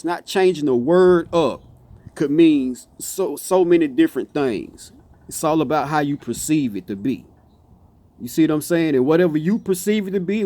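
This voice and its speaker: A man's voice: a little high, darkish tone. A man speaking in a casual, impassioned off-the-cuff monologue, repeating himself and stumbling into restarts. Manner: passionate, repeats "you see what I'm saying", stumbles and restarts. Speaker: motivational speaker.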